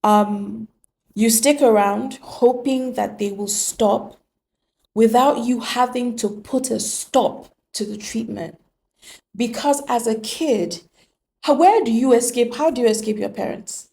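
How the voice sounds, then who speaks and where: Woman, motivational monologue, emphatic rhetorical questions, mellow dark tone, gravelly. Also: fairly high pitch, slow. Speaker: relationship speaker.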